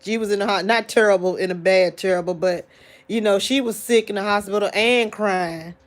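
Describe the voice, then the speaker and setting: A tearful woman speaks softly to her viewers in a loose, casual live chat. She sighs often and stretches out her exclamations. Her voice sits at an everyday middle pitch. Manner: soft-spoken, sighing, drawn-out exclamations. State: tearful, grieving. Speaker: livestream host talking to viewers.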